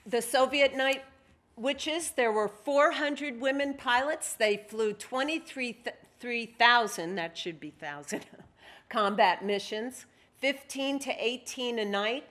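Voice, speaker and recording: Woman author giving a museum talk, slow and measured, reads bits aloud. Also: fairly high pitch, a bit bright. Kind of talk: lecture with read-aloud passages.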